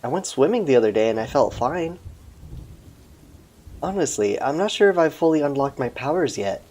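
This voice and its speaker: A man voicing a relaxed young female fire goddess in a game, in a near-everyday voice. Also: mid-range voice, normal speed, natural voice.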